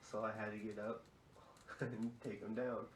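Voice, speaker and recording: Young guy telling wild stories, swears a lot, kinda low voice, roomy echo. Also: little pitch movement, a little slow, slight background noise. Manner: profane, chuckling storyteller. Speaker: fill-in podcast host. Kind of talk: casual storytelling. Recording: echoey room.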